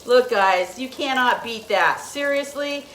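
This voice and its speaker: This host is a middle-aged woman giving an easygoing cooking demo at home, chatting away, laughing frequently, and talking right to the audience. She speaks unhurriedly in a fairly high, fairly bright voice, with a little hiss or hum present. Food sizzles in a pan, and the room sounds echoey with faint sizzling.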